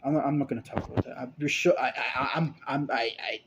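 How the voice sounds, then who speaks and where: A young man pours out a rambling, confessional monologue, stumbling over his words and starting sentences again and again. His voice sits in a middle range and slides between low mutters and sudden louder bursts. A faint hum of ambience runs under it. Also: fairly even intonation, muffled recording. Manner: halting, stammering, many restarts and repeated words; emotional, confessional, swings between mumbling and loud bursts. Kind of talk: rambling personal monologue to camera.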